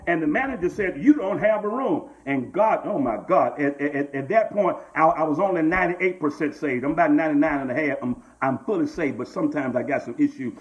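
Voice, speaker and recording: A man's voice: fairly high pitch, muffled recording. A middle-aged man, a pastor preaching a sermon and calling out to members of his congregation. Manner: preaching with call-outs to congregants and repeated "glory to God".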